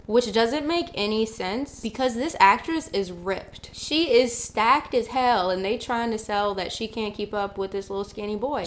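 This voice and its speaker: A woman talks through the plot of a terrible movie like she is chatting with a friend. Her humor is dry and sarcastic, and she drops deadpan jokes between plot points. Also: fairly high pitch. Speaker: writer reviewing bad movies. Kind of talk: casual comedic movie recap.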